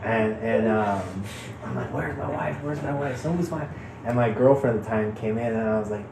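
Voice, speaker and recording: A man from Chicago telling a wild personal story in casual chat, animated, laughing often and swearing freely. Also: mid-range voice, normal speed, roomy sound, background noise. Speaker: guest.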